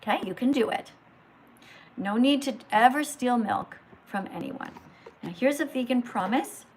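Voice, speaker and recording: A woman hosting a livestream, lecturing slowly and emphatically like a teacher. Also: fairly high pitch, a little mellow, a little hiss or hum. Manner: slow, emphatic teacher-like delivery. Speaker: livestream host.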